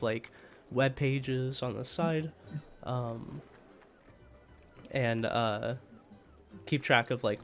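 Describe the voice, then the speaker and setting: A man with a stuffy voice from a cold, hosting as game master and rambling through announcements with many fillers. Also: mid-range voice. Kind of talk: casual tabletop game chat.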